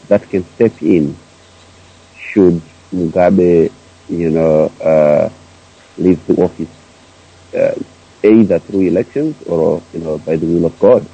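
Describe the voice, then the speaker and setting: A man's voice: low voice, creaky, dark tone, husky, low-quality recording. A man calling in to a radio talk show, speaking hesitantly with many fillers and restarts. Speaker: caller. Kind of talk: phone-in commentary.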